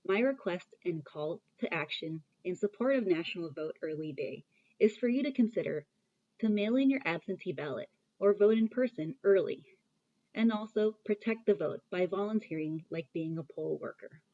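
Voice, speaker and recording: A woman with a low, mellow voice delivers a prepared, measured call to action. The audio is dull and lo-fi. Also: lively intonation. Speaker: program founder giving an appeal. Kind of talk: prepared statement.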